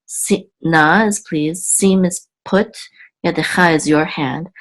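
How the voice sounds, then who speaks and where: Slow, low-voiced woman teaching Hebrew. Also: fairly even intonation. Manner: slow, patient, repeats words and checks in with "okay?". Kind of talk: word-by-word Hebrew reading lesson.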